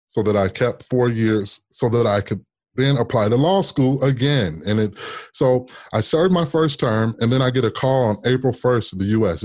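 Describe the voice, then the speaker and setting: A man from Kansas with a low voice tells a long personal story as an interview guest. He is animated and often repeats a word before he finds the rest of the sentence. The recording is dry and close. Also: no echo. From Kansas, United States. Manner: animated, repeats words while telling a story. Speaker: interview guest, state senator.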